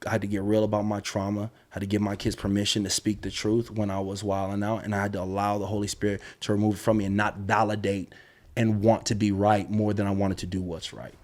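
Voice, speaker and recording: A man speaking earnestly about faith and personal change, in a slow, emphatic testimonial way. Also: lowish voice, level tone, darkish tone. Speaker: podcast guest, father. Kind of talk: faith-based reflective talk.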